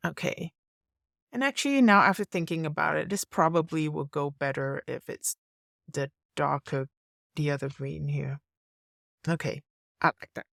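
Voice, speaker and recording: A woman narrating a screen-recorded design tutorial, thinking aloud in a relaxed way as she works. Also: sits low, normal speed, gravelly, pauses often, dry recording, clean studio sound.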